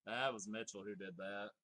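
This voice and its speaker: Playing on stream, this man chats casually about his game and reads viewer messages aloud, cursing freely, laughing often and feigning exasperation for laughs. His voice sits on the low side with a sharp tone.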